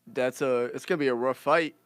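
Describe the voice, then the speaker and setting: A man co-hosting a casual podcast who teases in a low-key, dry way. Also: a little fast, clear, resonant tone, dry recording. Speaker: podcast co-host.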